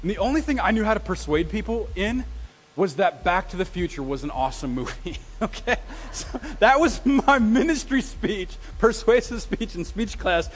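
Male pastor, higher voice, sermon in a reverberant church, humorous storyteller. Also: moderate pace. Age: adult with a wife, past graduate study. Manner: lively storytelling with self-deprecating humor. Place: church sanctuary. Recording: long reverb of a church hall.

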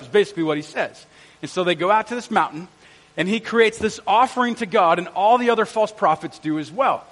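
High-voiced lively middle-aged male pastor. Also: a little fast. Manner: energetic, jokey, quizzes the congregation. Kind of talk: sermon. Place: church auditorium. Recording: long church hall reverb.

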